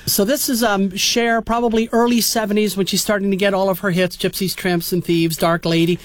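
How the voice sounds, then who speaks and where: A man hosting a radio show about old clips, chatty and quick to laugh. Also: high voice, little pitch movement. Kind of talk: casual radio chat.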